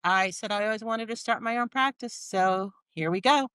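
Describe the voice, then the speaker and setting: A woman's voice: medium pitch, moderate pace, fairly bright tone, clear, resonant tone, no room sound. A woman in her forties, a nurse practitioner guest on a podcast, telling her story candidly and acting out the dialogue. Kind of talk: casual interview storytelling.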